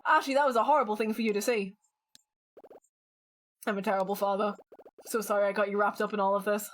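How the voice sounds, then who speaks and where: A woman voicing a soft-spoken, remorseful middle-aged father while reading game dialogue aloud. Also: mid-range voice, fairly even intonation, fast, natural voice. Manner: apologetic, gentle.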